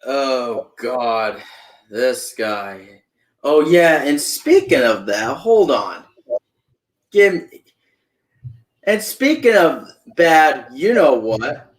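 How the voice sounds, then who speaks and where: A young man in a casual chat, drawling and quick to laugh. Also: medium pitch, sing-song, reverberant, poor audio. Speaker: co-host.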